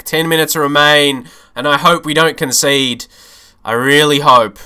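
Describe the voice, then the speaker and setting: A young man streaming a football management game, commenting live with animated, frustrated swings and frequent swearing. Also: mid-range voice, takes it slowly.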